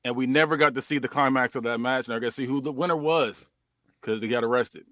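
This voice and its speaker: A man's voice: mid-range voice, quick pace, a bit bright, dry recording. A man co-hosting a podcast, narrating a fantasy wrestling show in casual chat with loose slang and frequent laughter.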